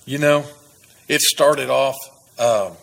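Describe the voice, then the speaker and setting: A man's voice: medium pitch, takes it slowly, vocal fry, fairly bright tone, low-quality recording. A man from Texas, earnestly telling his personal testimony as a guest. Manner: earnest storytelling with laughs and restarts.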